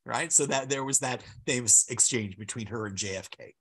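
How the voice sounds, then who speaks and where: A man's voice: medium pitch, a little fast, hardly any pauses, sharp tone, husky. A man giving an illustrated lecture over slides, talking in a discursive, emphatic way and stressing key words.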